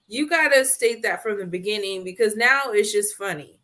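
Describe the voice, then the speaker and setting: A woman co-hosting a casual reality TV review, talking in an animated way with laughs and rambling asides. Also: medium pitch, normal speed. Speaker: co-host.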